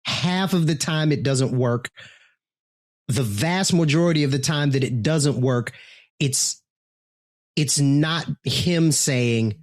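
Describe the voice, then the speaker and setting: A man's voice: mid-range voice, slow pace, dry recording, studio quality. A man co-hosting a casual chat show, talking bluntly with profanity and jokes. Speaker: co-host.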